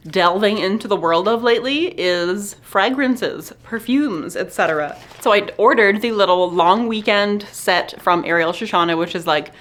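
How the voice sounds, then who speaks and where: A young woman vlogging candidly about feeling lonely, talking in a soft, halting way and a little teary, with nervous laughs. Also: mid-range voice. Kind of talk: candid personal vlog.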